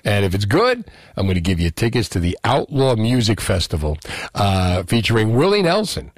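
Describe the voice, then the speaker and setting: A man's voice: lowish voice, huge pitch swings, moderate pace, dry recording, clean studio sound. A male radio host running a call-in show, joking and bantering energetically. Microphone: studio microphone.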